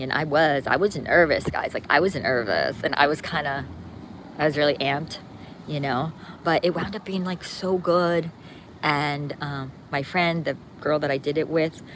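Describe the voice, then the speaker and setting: Low-voiced woman chatting live outdoors. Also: a little hiss or hum. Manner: upbeat, rambling, many fillers and restarts. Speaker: livestream vlogger. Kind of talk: casual live chat with viewers. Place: outdoors on a street with her dog.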